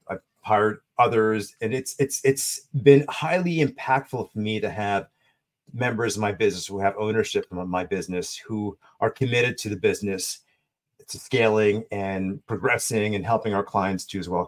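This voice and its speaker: A man's voice: lowish voice, steady tone, moderate pace. A man hosting a podcast interview, cheering his guest on and asking long, rambling questions. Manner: enthusiastic, affirming, rambling questions. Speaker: podcast host.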